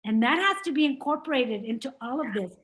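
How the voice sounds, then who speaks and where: A woman's voice: sits high, expressive, fast talker, fairly bright tone, low-quality recording. A woman facilitating a business workshop, speaking in an encouraging, conversational way. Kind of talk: workshop discussion.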